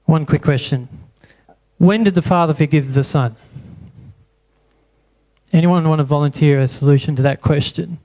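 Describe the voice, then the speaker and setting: Brief: male pastor, fairly high voice, preaching and quizzing the congregation in church. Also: normal speed, pauses often, darkish tone. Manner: asks the congregation many rhetorical questions. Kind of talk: sermon.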